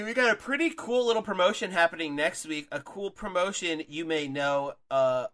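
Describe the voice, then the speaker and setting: Upbeat man co-hosting a podcast, bright voice, loose and chatty, trips over words. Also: on the high side, animated, normal speed, few pauses. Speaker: podcast co-host. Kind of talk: casual chat.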